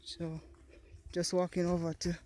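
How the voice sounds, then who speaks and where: A woman's voice: on the low side, monotone, measured pace, dark tone. A woman with a Jamaican accent, chatting casually as she films her own farm vlog outdoors in the countryside. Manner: chatty, thanks viewers, mixes in patois. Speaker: vlogger and farmer. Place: outdoors on a rural farm field.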